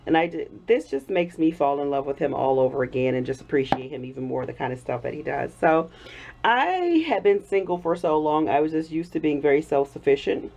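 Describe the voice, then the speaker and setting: A woman's voice: deep voice, lively intonation, brisk, gravelly, a little mellow, a little hiss or hum. A woman in her thirties telling a story in a casual home vlog, chatty and laughing often, still getting over an illness. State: recovering from illness. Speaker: soap-making vlogger.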